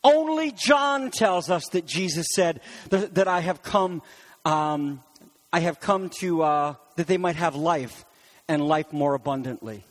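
A man preaching a sermon in an animated way, rising to shouts on key words and making quick asides to his congregation. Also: on the high side. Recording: long hall reverb.

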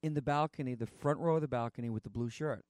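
A tearful young piano prodigy, as a preacher plays him, speaking hushed and low in volume, close to the mic in a dry sound. He sounds quietly hurt, near the speaker's own pitch. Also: quick pace, dry recording, lightly acted. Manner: soft, hushed, subdued.

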